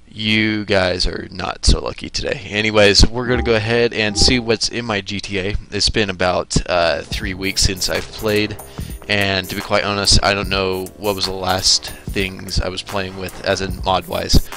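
A man's voice: low-pitched, level tone, moderate pace, sharp tone, soft background music. A man hosting his own channel, giving gameplay commentary and joking as he rants at other drivers. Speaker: gaming channel host.

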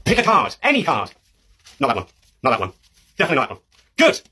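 A man's voice: mid-range voice, huge pitch swings, quick pace, sharp tone, a little hiss or hum. A man doing a showy British street magician. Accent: British English. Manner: theatrical, bossy showman patter. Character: showy, clumsy male amateur magician. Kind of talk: comedy sketch character.

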